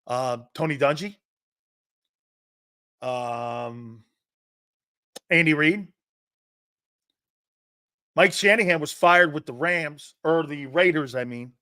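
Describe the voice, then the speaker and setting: A man hosting a sports talk show, blunt and combative, swearing freely and mocking soft opinions while he answers chat comments. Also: on the high side, slow pace, long pauses, clean tone, no room sound, clean studio sound.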